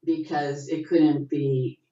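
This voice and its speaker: A middle-aged woman with a low, mellow voice tells stories from her acting career in an animated way, jumping up into her quotes. Her voice comes through a muffled video call. The room behind her sounds roomy and echoey. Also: takes it slowly. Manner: animated storyteller, acts out quotes with rising pitch. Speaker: actress, interview guest. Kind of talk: casual interview over video call.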